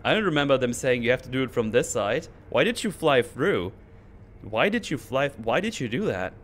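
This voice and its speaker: Male host, casual sarcastic rant, average pitch, faint background hum. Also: moderate pace. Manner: animated, sarcastic, mocking voices. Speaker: channel host. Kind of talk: casual ranting recap.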